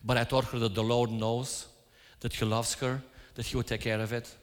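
A man's voice: medium pitch, flat delivery, normal speed. Man preaching in a reverberant church. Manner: storytelling, acts out his own quoted lines. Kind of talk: sermon. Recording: hall reverb.

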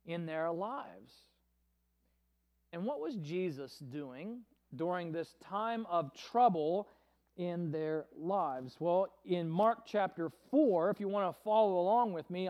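With a high-pitched voice, a pastor delivers an earnest, measured sermon, now and then acting out quoted voices with feeling.

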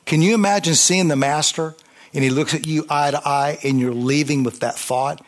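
A man preaching a sermon, fervent, with call-and-response and swings between loud emphasis and quiet intensity. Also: on the high side, normal speed.

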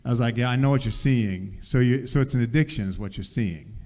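Man, teacher, faith testimony, animated storytelling, acted quotes, drops soft and low. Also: fairly quick.

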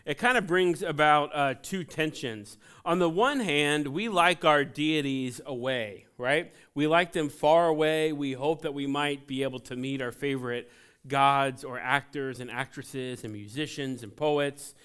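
A man in his forties from Ohio preaching a sermon in a church, conversational and joking, telling animated personal stories. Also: fairly high pitch, measured pace, clean tone. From Ohio, USA. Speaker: pastor. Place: church sanctuary.

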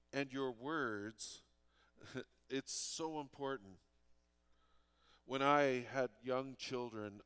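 A man's voice: mid-range voice, a bit bright, clear, resonant tone. A man in his fifties from Canada, preaching a sermon as pastor in an earnest, conversational way with frequent restarts.

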